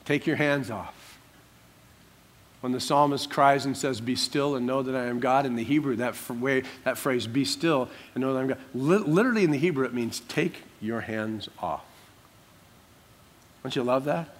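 A man preaching a sermon, swinging from soft hushed asides to loud, drawn-out emphatic declarations. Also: medium pitch. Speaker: pastor.

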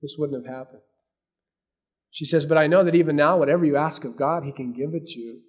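A man's voice: a little high, a little fast, lo-fi sound. Man preaching a sermon with dramatic swings. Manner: dynamic preaching, swinging between loud emphasis and hushed asides. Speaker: pastor.

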